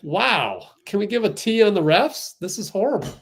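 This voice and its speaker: A man hosting a fan livestream, giving excitable live play-by-play and getting outraged at the referees. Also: high-pitched, normal speed, creaky, slightly rough.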